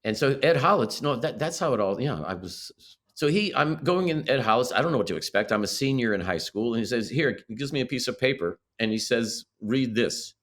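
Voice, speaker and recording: A man's voice: medium pitch, expressive, fairly quick, a bit bright. An older man from Illinois, a guest actor, telling stories in a casual interview with many restarts and self-corrections.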